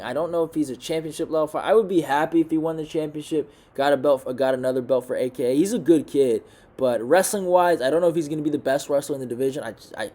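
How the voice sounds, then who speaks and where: Young guy ranting about fights, cussing a lot, middle pitch voice, gets loud when he's mad. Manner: blunt and profane, swings into loud rants. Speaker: MMA commentator. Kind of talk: casual fight recap monologue.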